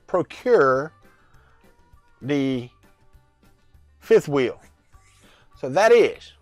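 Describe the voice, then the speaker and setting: High-voiced chatty man on a livestream. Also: no echo. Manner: rambling, chatty, greets viewers by name. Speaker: livestream host. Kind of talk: casual live-chat vlog. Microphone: lavalier mic.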